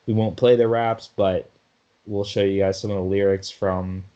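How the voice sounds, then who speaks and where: A man's voice: on the low side, flat delivery, normal speed, dark tone, dull audio. A man co-hosting a sports podcast in casual chat, talkative, often laughing and restarting his sentences. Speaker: podcast co-host.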